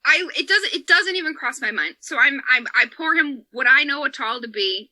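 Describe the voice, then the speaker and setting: A woman comedian tells a podcast story in a high, very bright voice. She swears freely and laughs through the tale, and the sound is dry and close. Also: lively intonation, fairly quick, few pauses, dry recording. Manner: profane, laughing, emotional storyteller. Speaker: comedian and former bartender. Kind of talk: animated comic storytelling on a podcast.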